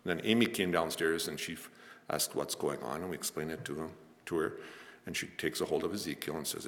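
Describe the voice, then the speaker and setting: An older man preaching a sermon, telling stories in a soft, earnest way. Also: very deep voice, a little fast. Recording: long hall reverb.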